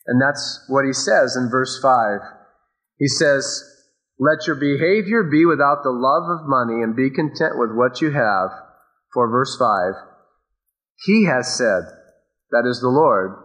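A man preaches in a conversational way, reading scripture and then slipping into playful, everyday asides. His voice sits at a middling pitch. The recording sounds slightly muffled and lo-fi. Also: measured pace, fairly bright tone. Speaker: pastor. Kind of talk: sermon.

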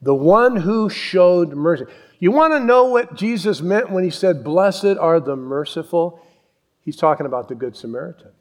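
Animated preacher man. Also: sits high, moderate pace. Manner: animated storytelling, acts out voices and yells. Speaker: pastor. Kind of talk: sermon.

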